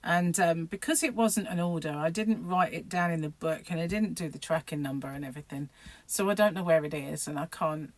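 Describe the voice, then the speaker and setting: A woman's voice: low voice, a little fast, dry recording. A middle-aged woman vlogging about crochet in a rambling, chatty way, laughing often. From United Kingdom. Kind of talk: casual chat to camera.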